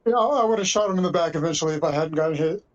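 A man chatting casually with friends, telling quick rambling stories. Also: a little high, lo-fi sound. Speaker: podcast co-host. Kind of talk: casual chat.

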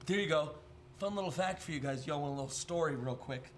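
A man's voice: on the high side, quick pace, a little hiss or hum. A young man hosting a podcast, chatting casually and telling jokey stories full of swearing. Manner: profane, rambling, jokey storytelling. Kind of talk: casual chat.

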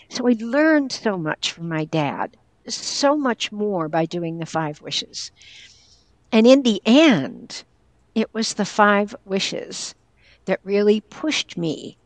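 Speaking slowly in a mid-range voice with lively intonation, a former teacher and caregiver from northwestern Pennsylvania, now older, shares a personal story in an interview. She's earnest and candid, quoting people word for word, with no room sound.

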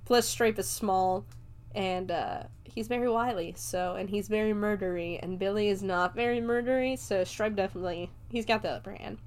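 A woman's voice: medium pitch, fairly even intonation, moderate pace, darkish tone. A woman recapping a movie in a casual chat, loose and talkative, leaning on "like" fillers and laughing often. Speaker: movie reviewer.

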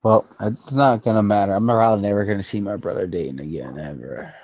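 A man's voice: lowish voice, quick pace, no room sound, lo-fi sound. A young man co-hosting a podcast, chatting casually and swearing freely. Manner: profane, laid-back, bursts into loud acting. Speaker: podcast co-host. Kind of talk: casual chat.

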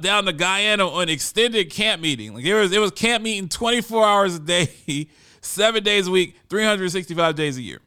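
A man's voice: high voice, pushed and bright, clear, resonant tone. A man telling a story in a casual monologue, conversational and often repeating words as he restarts.

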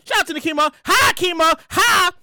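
A woman hosting her own podcast in a casual solo monologue, loud, hyped, profane and rambling, often repeating herself. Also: very high voice, animated, fairly quick, no echo, studio quality. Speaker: podcast host.

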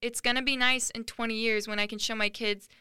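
Young woman, late teens, earnest rambling monologue, dry close sound, crisp. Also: on the high side, fairly even intonation, fairly quick, bright, forceful tone, no echo. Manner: earnest, emotional, rambling with many "like"s. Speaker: podcast host. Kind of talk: personal monologue.

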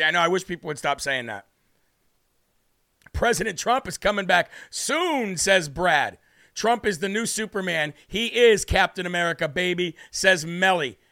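A man's voice: high voice, gravelly, pushed and bright. A man hosting a live political commentary stream, talking in an emphatic, fired-up way and reading out comments from the live chat. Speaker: political livestream host.

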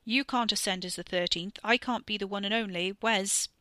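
A woman voicing a sardonic teenage boy with a dry, mocking edge. The voice is bright and crisp, recorded close in a dry room. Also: mid-range voice, moderate pace, dry recording, natural voice. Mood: pushy.

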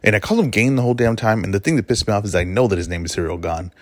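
A man's voice: lowish voice, very fast, dry recording, studio quality. A man hosting his own podcast, giving an emphatic, opinionated monologue and often correcting himself mid-sentence. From Mexican heritage. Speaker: podcast host. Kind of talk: solo podcast monologue on fights.

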